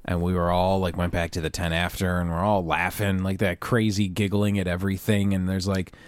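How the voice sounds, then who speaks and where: A man telling a relaxed, swear-filled story in casual chat. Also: low voice, fairly quick, smooth, no room sound.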